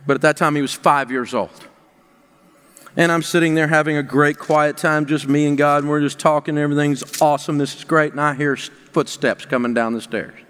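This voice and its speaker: A man's voice: on the high side, fairly bright tone, smooth. A middle-aged male pastor giving a sermon, telling a personal story that builds into emphatic preaching. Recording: long reverb of a large hall.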